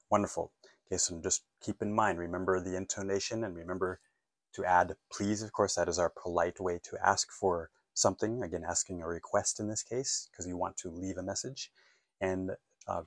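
Deep-voiced patient male English teacher. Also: steady tone, fairly quick, no echo, studio quality. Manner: patient, encouraging, asks learners to repeat phrases. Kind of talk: online language lesson.

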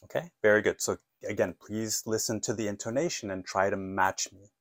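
A man teaching an English lesson, modeling phone phrases clearly and patiently asking listeners to repeat after him. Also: on the low side, brisk, dry recording.

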